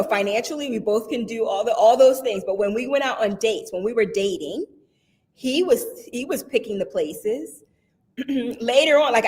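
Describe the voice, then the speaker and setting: A woman guest in casual conversation who tells stories with energy, acts out what people said, and laughs often. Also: a little high. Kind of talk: casual chat.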